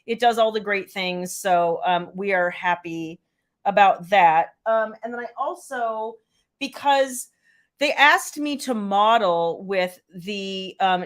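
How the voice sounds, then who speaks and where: Chatty woman hosting a live stream. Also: mid-range voice. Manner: chatty, rambling, answers viewer comments by name. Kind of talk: casual live-stream chat.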